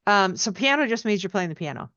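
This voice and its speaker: A woman's voice: medium pitch, expressive, quick pace, a bit bright. A woman teaching piano, giving friendly feedback and singing phrases out in syllables to show how they go. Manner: encouraging, sings melodies out in syllables. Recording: dry, dull lo-fi sound.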